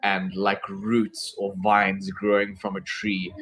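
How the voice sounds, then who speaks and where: A man's voice: on the low side, monotone, slow, fairly bright tone, rough recording. A man running a tabletop game as game master, narrating with many fillers and restarts.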